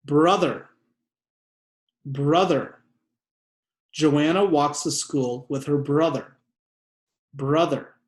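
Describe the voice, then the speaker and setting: Slow, clear teacher in an echoey room. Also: male voice, on the high side, steady tone, darkish tone. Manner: slow, deliberate, repeats each word. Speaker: second grade teacher. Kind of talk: spelling lesson for children.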